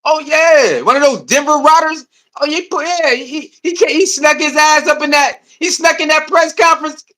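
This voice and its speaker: A man's voice: very high-pitched, normal speed. A man giving heated, repetitive live-stream commentary, laughing and mocking as he talks. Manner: animated, repetitive, laughing, slangy. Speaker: streamer reacting to a video.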